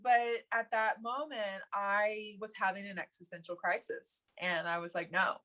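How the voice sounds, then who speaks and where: A woman in her thirties chatting as a podcast guest, telling animated stories. She laughs often and plays out the other people's lines. Her voice sits at an ordinary middle pitch. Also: normal speed. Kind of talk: casual interview storytelling.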